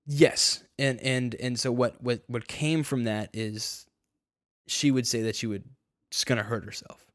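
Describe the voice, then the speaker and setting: A young man in casual conversation, telling a personal story in a halting way, full of fillers, restarts and swearing. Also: medium pitch, fairly even intonation, fairly bright tone, dry recording, clean studio sound. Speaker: guest telling his story.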